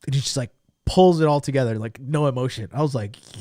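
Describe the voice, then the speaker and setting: Male stream host, mid-pitched, crude and animated storyteller, dry close sound. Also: brisk, no room sound. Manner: crude, animated, swears freely. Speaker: livestream host. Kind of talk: casual storytelling to live chat. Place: lived abroad in Japan.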